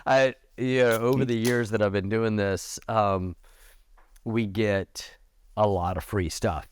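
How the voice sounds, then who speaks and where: This middle-aged man speaks slowly as a guest on a podcast, telling stories in a lively, casual way. He performs the quoted lines by raising his pitch, and a little hiss or hum sits under the recording.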